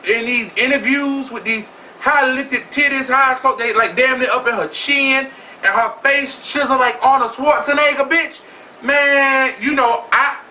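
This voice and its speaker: A man's voice: high-pitched, pushed and bright. A man vlogging in a sassy, profane and flamboyant style of casual gossip commentary. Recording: distant mic with faint noise.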